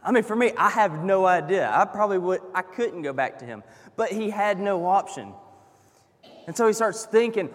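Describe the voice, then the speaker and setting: A man giving a sermon, telling the story earnestly and moving between hushed and emphatic delivery. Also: sits high, expressive, normal speed, big-room sound. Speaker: preacher.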